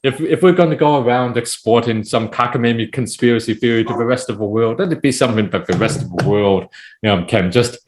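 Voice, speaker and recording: A man guesting on a podcast as a poet, talking in a rambling, animated way full of "it's like, you know". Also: medium pitch, quick pace. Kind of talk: casual podcast chat.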